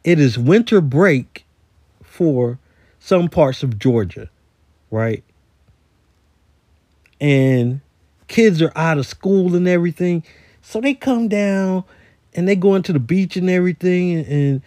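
A man's voice: fairly high pitch, lively intonation, slow, long pauses, mellow, no room sound, clean studio sound. A man who works in a store, telling a rambling story in a casual voice message, with many repeated words. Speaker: retail store worker.

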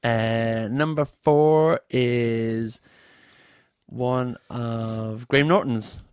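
A man's voice: mid-range voice, fairly even intonation, very slow, darkish tone, clear, resonant tone, no room sound, studio quality. A man in casual chat, laughing often and acting out quoted lines.

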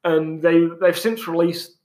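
Man, co-host, fairly high voice, easygoing agreeable chat. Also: fairly even intonation, unhurried, a little mellow. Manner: agreeable, says yeah a lot. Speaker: podcast co-host. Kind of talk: casual chat.

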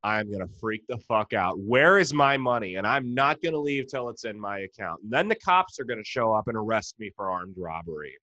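Profane ranting American comedian. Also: male voice, fairly low pitch, sing-song, a little fast, few pauses, bright, forceful tone, no room sound, highs cut off. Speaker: stand-up comedian. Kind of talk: comedic rant.

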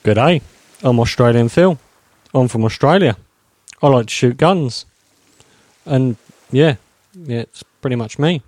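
A man playing a parade of cardboard male mercenaries, each one delivering blunt, flat one-liners. The pitch sits mid-low and the sound is close and dry. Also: unhurried, long pauses, dry recording, close to an everyday voice. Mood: deadpan. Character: stereotyped male mercenaries, Cockney and Aussie.

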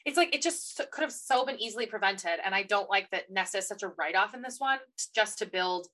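A woman co-hosting a casual book podcast, ranting with animated energy and mimicking characters. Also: medium pitch, fairly quick. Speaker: podcast co-host.

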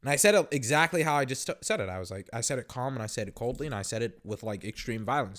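A man's voice: fairly low pitch, fast. A young man hosting a podcast, telling a story in a rambling, profane, casual way with lots of fillers. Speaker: podcast host. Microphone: podcast microphone.

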